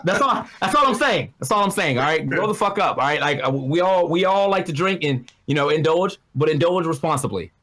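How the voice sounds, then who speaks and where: A man in his thirties rattles off a heated, profane rant at a rapid clip. His voice sits a bit high, and he sounds worked up as he co-hosts a casual chat show. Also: fairly bright tone. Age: 30s. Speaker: talk show co-host.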